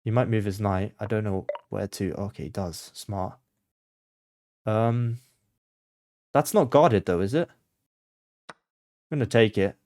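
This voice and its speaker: A man's voice: fairly low pitch, slow pace, long pauses, dry recording. Man muttering chess moves, dry sound. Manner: mutters moves to himself, swings between quiet focus and flustered panic. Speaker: chess content creator. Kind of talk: thinking aloud while playing blindfold chess.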